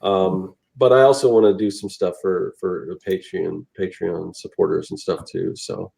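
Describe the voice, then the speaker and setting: A man's voice: sits low, flat delivery, moderate pace, gravelly, dark tone, poor audio. A man co-hosting an artists' podcast, talking in a rambling, casual way with many restarts. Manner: rambling, with frequent restarts and trailing phrases. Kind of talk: casual chat.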